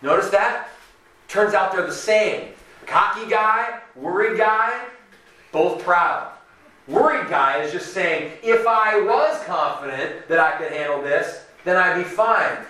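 A man preaches in a relaxed, conversational way, slipping into the voices of the people he quotes. His voice is a touch higher than most men's and clearly bright. He is heard from some distance in a large, very reverberant hall. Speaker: pastor. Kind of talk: sermon.

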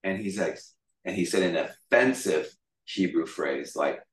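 A male pastor giving a casual, animated sermon, retelling a story in conversational storytelling style, heard in an echoey room from a distant mic. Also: sits low, moderate pace.

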